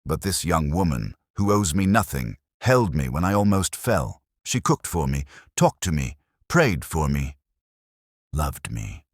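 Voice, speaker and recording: A wealthy old mother in a storybook, wounded and stern, played by a man raising his voice. She speaks in firm, measured tones. The voice is husky and dry, with a lot of rise and fall. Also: a bass voice, very animated, dry recording, heavily acted.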